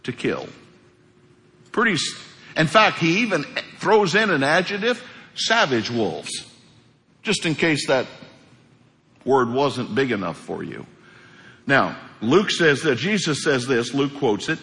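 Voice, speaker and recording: A middle-aged man, a pastor, delivering an emphatic, animated sermon with quick asides, in a church sanctuary. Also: medium pitch. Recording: long hall reverb.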